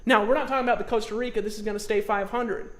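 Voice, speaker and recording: Folksy man pushing a live-stream sales pitch. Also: steady tone, rapid-fire. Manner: emphatic, repetitive, folksy, pushes the audience to commit. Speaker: online marketing trainer hosting a live stream.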